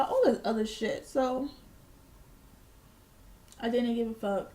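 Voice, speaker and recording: A young woman with a fairly high voice tells a storytime to her camera. She is blunt and profane, and proudly petty as she talks. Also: steady tone, a little slow, long pauses, warm tone. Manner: boastfully petty. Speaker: vlogger. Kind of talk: casual storytime.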